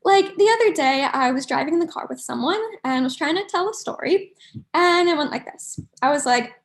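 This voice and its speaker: A woman doing an online stand-up comedy set from New York, chatty and observational with quick asides. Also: sits high, expressive.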